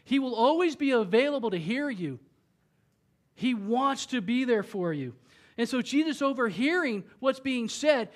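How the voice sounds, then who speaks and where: A man with a high, light voice preaches a sermon in a church. He talks to the congregation in a conversational way and briefly acts out the voices of the people in the story. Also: lively intonation, moderate pace. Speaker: pastor.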